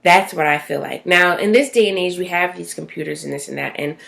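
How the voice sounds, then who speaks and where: A woman's voice: on the low side, brisk, gravelly, fairly bright tone. A woman vlogging casually from her bathroom, chatty and rambling, with many fillers and tag questions. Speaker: self-help vlogger. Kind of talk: casual talking-to-camera vlog. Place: small bathroom at home.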